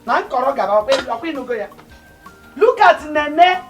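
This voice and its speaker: Touchy nigerian sister-in-law, high voice, always complaining. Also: female voice, lively intonation, moderate pace, soft background music. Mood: indignant. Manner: indignant, complaining. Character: bitter older sister, quick to take offense. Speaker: actress playing the husband's sister. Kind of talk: Nollywood film acting.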